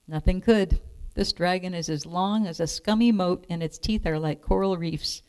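A woman's voice: fairly low pitch, moderate pace. Woman reading a children's storybook. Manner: clear, expressive read-aloud.

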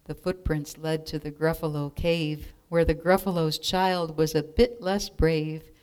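A woman reads a rhyming children's picture book aloud, keeping a steady, measured rhythm. Her voice sits on the low side and her pace is very slow and deliberate. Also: clear, resonant tone. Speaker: storybook reader.

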